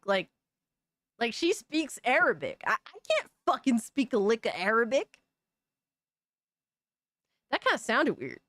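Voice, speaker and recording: A woman's voice: on the high side, big pitch swings, measured pace, pauses often, fairly bright tone, dry recording. A woman hosting a gaming news live stream, chatting casually with viewers in a loose, profane way and laughing often. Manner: loose and profane, laughing often, calling people brother and dog.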